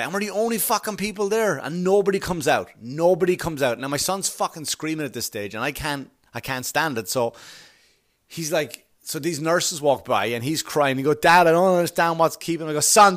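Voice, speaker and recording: A man hosting a podcast, telling a rambling, profane story in a sarcastic way, with loud bursts of exasperation. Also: fairly high pitch, lively intonation, fairly quick. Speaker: podcast host. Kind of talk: casual comedic storytelling.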